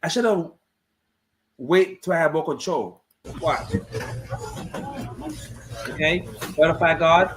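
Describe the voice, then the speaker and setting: A man who fights in MMA, talking his livestream chat through footage of his own fight with repetitive, excitable play-by-play. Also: fairly high pitch, takes it slowly, long pauses, background noise.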